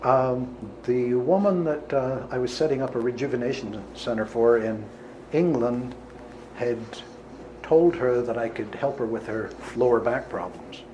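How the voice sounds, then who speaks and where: A man of middle pitch recounts a healing session in an earnest storyteller's voice. He now and then rises to forceful emphasis. A faint hum of noise sits behind him. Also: measured pace, lo-fi sound. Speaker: healer giving a talk. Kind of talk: storytelling talk to an audience.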